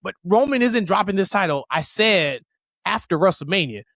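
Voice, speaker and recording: A man co-hosting a casual wrestling podcast, opinionated and emphatic, rushing through tangents. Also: high-pitched, lively intonation, vocal fry, a bit bright, no echo, studio quality. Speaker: podcast co-host.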